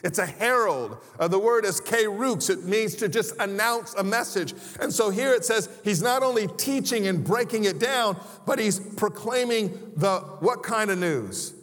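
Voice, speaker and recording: A man with a notably high voice preaches a sermon from the pulpit. He keeps it conversational, tossing in humorous asides and rhetorical questions. The sound carries the long reverb of a large church hall. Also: lively intonation, measured pace, few pauses, a bit bright. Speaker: pastor. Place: church sanctuary.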